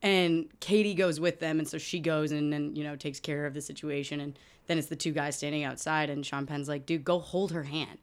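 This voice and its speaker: A woman's voice: low-pitched, little pitch movement, a little fast, clear, resonant tone. A young woman co-hosting a casual movie podcast, chatty and swearing freely as she acts out lines. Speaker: podcast co-host. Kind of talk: casual movie recap chat.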